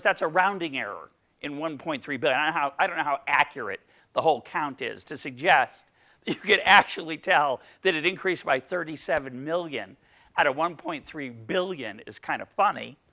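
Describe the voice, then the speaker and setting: A man's voice: on the high side, lively intonation, fairly quick, bright, forceful tone. A middle-aged man giving an economics seminar lecture, playful and full of questions for the audience. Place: lecture room.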